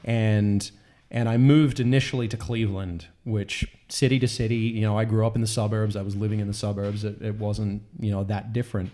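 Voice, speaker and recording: A man's voice: lowish voice, flat delivery, a little fast, dark tone. A man from Australia with an Australian accent, a comedian guest telling a story in a casual panel discussion, rambling and self-deprecating.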